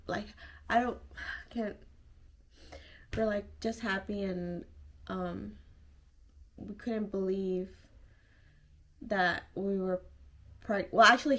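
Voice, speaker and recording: A woman's voice: mid-range voice, fairly bright tone. A young woman vlogger telling a personal story to camera in a chatty, emotional way, full of fillers and restarts.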